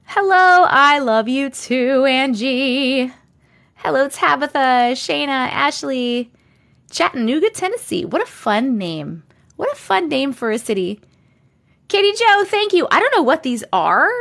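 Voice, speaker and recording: Upbeat woman host, thirties, bright high voice, reads chat comments on a desk mic. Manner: bubbly, greets viewers by name, reads comments aloud. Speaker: live-stream host. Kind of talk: casual live-stream chat. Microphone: desk condenser mic.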